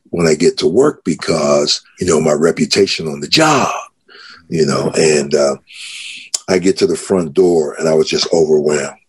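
A man, a pastor, telling the story of his conversion in a podcast interview, getting more and more worked up as he goes. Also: husky. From United States. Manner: grows excited, pitch rising as he retells shouting.

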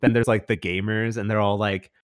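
A man's voice: fairly low pitch, flat delivery, brisk, smooth, dry recording, clean studio sound. A man in casual chat, recommending a show with rambling enthusiasm, full of restarts and fillers.

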